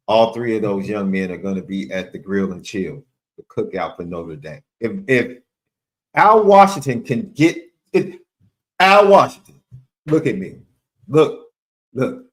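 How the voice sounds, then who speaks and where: A man co-hosting a sports podcast, talking emphatically and repeating phrases for effect. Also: on the low side. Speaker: podcast co-host. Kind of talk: animated sports talk.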